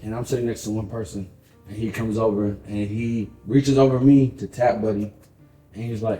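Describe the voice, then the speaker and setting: A man's voice: on the low side, normal speed, roomy sound, soft background music, rough recording. A man co-hosting a podcast, chatting casually and animatedly, with plenty of swearing and acted-out dialogue. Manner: animated, profane, acts out dialogue. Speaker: podcast co-host. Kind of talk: casual chat, storytelling.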